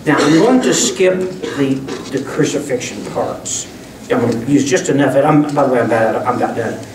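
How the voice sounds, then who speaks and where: A man's voice: medium pitch, animated, moderate pace, background noise. A man preaching a sermon as pastor, talking in a folksy, conversational way with frequent restarts. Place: church sanctuary. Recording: echoey room, distant mic.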